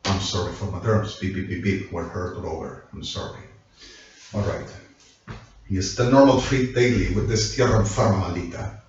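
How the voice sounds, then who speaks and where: A man's voice: low-pitched, normal speed, darkish tone, a little hiss or hum. A man in a rambling monologue, switching languages and apologizing again and again. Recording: echoey, distant, dull lo-fi.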